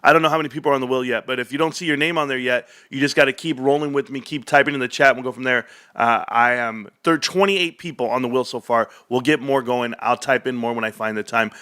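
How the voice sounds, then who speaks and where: A man's voice: mid-range voice, steady tone, fast, few pauses, sharp tone. A man hosting a casual stock market livestream from home, chatting directly to his viewers. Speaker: livestream host.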